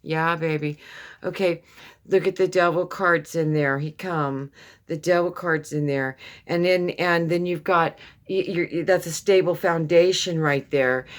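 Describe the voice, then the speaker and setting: This woman's voice is fairly low and steady, and she speaks a little slowly during a casual tarot reading. She's affectionate, calls the listener "baby," and rambles with frequent repetitions and restarts.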